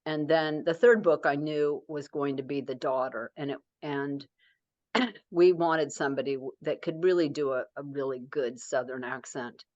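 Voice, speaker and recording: A woman's voice: sits low, fairly even intonation, normal speed, darkish tone, no room sound, highs cut off. A middle-aged woman author talking casually in an interview, rambling with many fillers and restarts.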